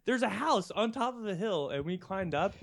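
A young man with a high, creaky voice tells a long, meandering anecdote to friends as a podcast co-host. He chuckles mid-sentence and piles up restarts and asides, keeping a relaxed, conversational tone at a moderate pace.

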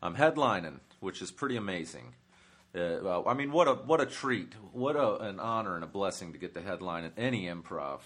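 A man's voice: low-pitched, expressive, a little fast, fairly bright tone, breathy edge. Rambling, profane male comedian host. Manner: rambling, profane, many fillers. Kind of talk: comic travel monologue.

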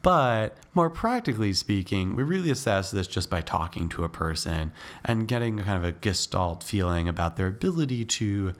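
A lowish male voice, thick and stuffy from a head cold. He talks through psychiatry concepts in a relaxed, chatty way, stopping to rephrase and fill gaps with "uh" as he thinks. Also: normal speed. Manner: thoughtful, explains step by step with many fillers. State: congested with a cold. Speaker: podcast co-host teaching psychiatry. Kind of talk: casual educational chat.

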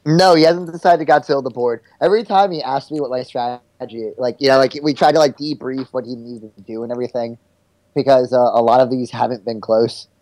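Mellow, laid-back male co-host. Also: mid-range voice, steady tone, fairly quick, no room sound, rough recording. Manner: laid-back, laughs often, loose fillers. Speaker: podcast co-host. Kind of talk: casual podcast banter.

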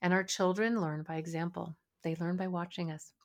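A woman's voice: lowish voice, steady tone, normal speed. A woman hosting a parenting podcast, speaking earnestly and often acting out what a parent might say to a child. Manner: earnest, acts out parent dialogue. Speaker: podcast host and parenting coach. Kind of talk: motivational podcast talk.

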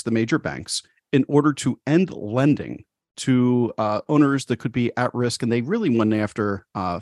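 A man's voice: medium pitch, no echo, studio quality. A man hosting an interview show, asking questions in a conversational way with some hesitations. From United States. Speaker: radio show host.

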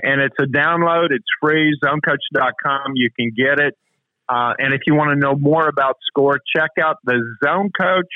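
A man with a medium-pitched voice coaches as a talk show guest, leaning on emphatic rhetorical questions in a motivational interview style. There's no echo, but the remote line sounds tinny and phone-like.

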